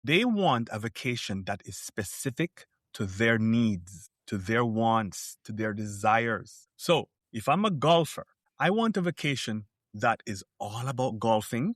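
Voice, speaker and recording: A man as a podcast guest, talking in an animated, emphatic way and telling stories from the cruise world. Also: on the low side, measured pace, dry recording, studio quality. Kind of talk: podcast interview.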